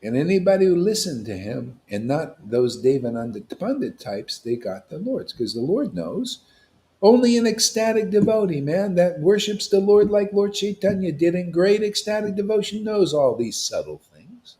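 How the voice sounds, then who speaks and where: A man preaching to a devotional gathering, emphatic and confrontational, with casual slang, swinging between loud declarations and hushed asides. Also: high voice, sing-song, normal speed. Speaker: spiritual teacher at a devotee gathering. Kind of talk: impassioned devotional sermon.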